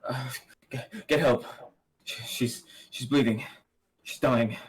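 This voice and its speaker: Guy playing a frantic adventurer begging for help, deep-ish voice. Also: steady tone, a little slow, lightly acted. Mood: urgent. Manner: urgent, pleading. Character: desperate male adventurer Cyphus.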